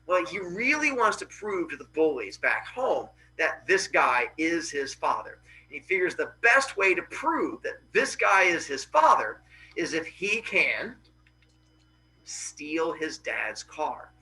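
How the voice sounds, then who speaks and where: A man hosting a podcast, retelling a myth in a casual, animated, jokey way with playful asides. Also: fairly high pitch, slow, roomy sound, distant mic, a little hiss or hum, low-quality recording. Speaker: podcast host.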